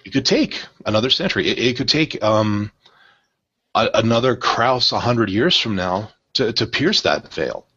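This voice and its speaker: A man's voice: lowish voice, animated, normal speed, bright, forceful tone, slightly rough. A man in a casual discussion, talking in a rambling, irreverent and jokey way. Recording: dull lo-fi sound.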